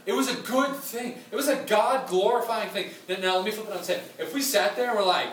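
A man's voice: sits high, fast talker, few pauses, fairly bright tone. A man preaching a sermon in a conversational way, with frequent fillers and asides, recorded from a distance in a church hall. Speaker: pastor. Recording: roomy sound from a distant mic with faint ambience.

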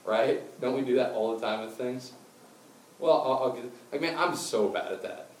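A man preaching a sermon, telling a Bible story with lively acted-out voices and then slowing into quiet, intense appeals. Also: medium pitch. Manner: animated storytelling, acting out quotes, dropping to quiet intensity. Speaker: pastor. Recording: roomy and distant with faint ambience.

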